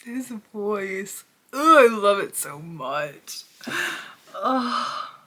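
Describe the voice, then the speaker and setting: A young woman hosting a music reaction video, excitable and then softly confessional, talking at home. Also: medium pitch, takes it slowly. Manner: excitable, swings to soft confessional talk. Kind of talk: casual reaction commentary.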